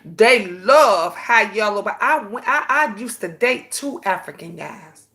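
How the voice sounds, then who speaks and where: With a medium-pitched voice and a slow pace, a woman in her fifties hosts a relaxed live stream. She tells her stories with sassy animation, calling listeners "honey" a lot.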